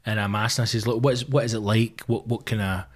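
A man in his thirties with a Glaswegian accent, a comedian swearing his way through an animated anecdote in casual podcast chat. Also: on the low side, fast talker, slightly rough. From Scotland. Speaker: stand-up comedian guest.

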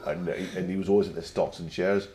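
Deep-voiced man with a soft Glasgow accent. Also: fairly even intonation, fairly quick, noisy background. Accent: gentle Glasgow, slightly anglicised. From Glasgow, Scotland. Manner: chatty anecdotal storyteller. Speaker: guest. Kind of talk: casual interview chat.

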